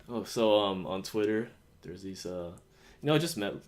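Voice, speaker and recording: Low-voiced young American man rambling. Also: lively intonation, normal speed. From United States. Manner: rambling, many fillers, acts out quotes. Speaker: podcast host. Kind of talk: casual chat.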